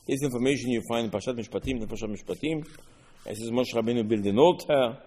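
A man giving a Torah lesson, explaining verses line by line in halting non-native English mixed with Hebrew. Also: mid-range voice, darkish tone, in a large hall. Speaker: Torah teacher.

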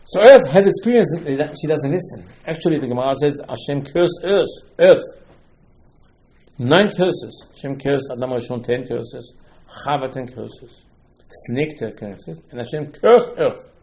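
Man, rabbi, Torah lesson, storytelling with acted dialogue, sudden loud emphasis, broken English with Hebrew terms. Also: medium pitch, a little slow. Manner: animated storytelling, acting out dialogue, emphatic rises; non-native English phrasing, Hebrew terms.

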